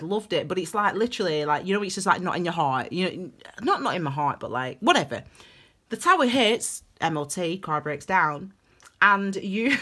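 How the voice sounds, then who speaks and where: A woman's voice: mid-range voice, fairly bright tone, husky. A woman giving a casual tarot reading, chatty and rambling, laughing often. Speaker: tarot reader.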